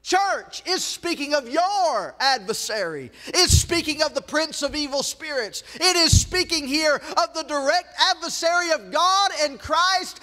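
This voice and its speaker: A man with a Southern US accent preaching a sermon in a church, swelling into shouts and breaking off for joking asides to the congregation. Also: very high-pitched, big-room sound. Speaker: pastor. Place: church sanctuary.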